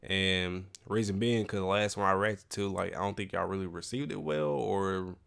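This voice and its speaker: A man with a low, gravelly voice talks through a reaction video in a relaxed, rambling way, full of slang. He sounds a bit congested. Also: moderate pace. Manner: laid-back, rambling, slangy. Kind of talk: casual reaction commentary.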